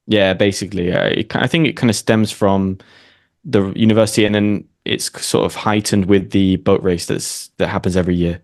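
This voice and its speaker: A man's voice: low voice, steady tone, brisk, darkish tone, no room sound. A man from Oxford with a British accent, an English teacher chatting as a guest, laid-back with dry humour. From Oxford, England. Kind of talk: casual conversation.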